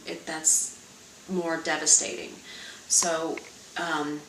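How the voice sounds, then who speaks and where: A woman in her forties, a mother, speaking frankly and with quiet resignation in an interview. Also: lowish voice. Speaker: mother of two sons with special needs. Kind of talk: candid interview talk. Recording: roomy sound from a distant mic, faint noise.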